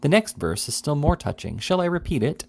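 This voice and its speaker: A man reading the part of a grave, pompous gentleman who flatters his guest in formal speech full of "sir". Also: a little high, a little fast, vocal fry, pitched above the performer's own voice, exaggerated voice. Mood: fawning.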